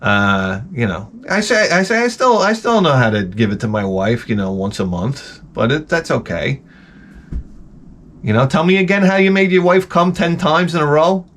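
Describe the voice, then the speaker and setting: Speaking at normal speed with a voice on the high side, a middle-aged host from Long Island, New York, goes on a profane rant. It's a rambling comic monologue of animated storytelling with many restarts.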